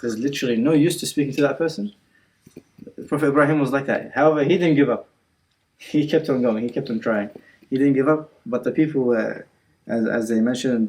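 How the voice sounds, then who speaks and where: A man's voice: medium pitch, a little mellow, low-quality recording. Guy teaching a religious class at a community centre, chatty storytelling, lots of uh and like, throws in arabic words. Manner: retells scenes with quotes and frequent fillers; code-switches with Arabic words. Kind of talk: casual storytelling lesson.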